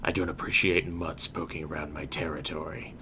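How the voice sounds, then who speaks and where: A man voicing a hostile male stranger from a fantasy game, muttered quietly. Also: rumbling low, flat delivery, brisk, background noise.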